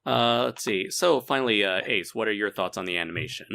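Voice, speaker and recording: Low, bright-toned male host, hesitant and filler-heavy. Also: a little fast, vocal fry. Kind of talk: casual group chat review.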